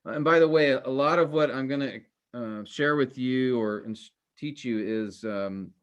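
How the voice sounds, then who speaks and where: Halting man teaching a class. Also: mid-range voice, highs cut off. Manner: halting, many fillers and restarts. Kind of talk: classroom lecture.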